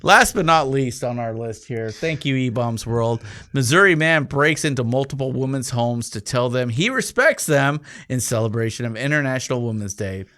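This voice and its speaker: Casting: male podcast co-host, mid-pitched, dry crude jokester, reads headlines then quips. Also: normal speed. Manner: deadpan one-liners and crude puns. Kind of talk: crude comedic banter.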